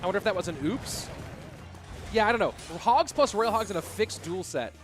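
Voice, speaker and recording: A man casting a live esports match, excitable and incredulous, often breaking into laughter. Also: sits high, a little fast, faint music behind. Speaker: esports caster.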